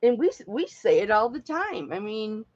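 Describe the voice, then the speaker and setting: A woman's voice: mid-range voice, big pitch swings, moderate pace, darkish tone, no room sound, muffled recording. A woman talking candidly and at length to her live-stream viewers in a heartfelt, rambling way. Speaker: live-stream jewelry seller.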